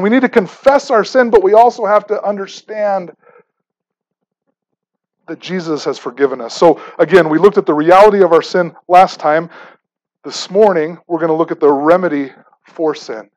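A man's voice: high voice, animated, moderate pace, darkish tone, low-quality recording. A man preaching a sermon in a conversational, emphatic way, often repeating words as he starts phrases. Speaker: pastor.

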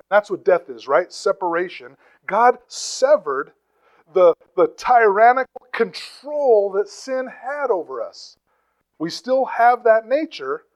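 A man's voice: high-pitched, poor audio. A man preaching a conversational teaching sermon, with asides, rhetorical questions and emphatic bursts on key phrases. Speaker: pastor.

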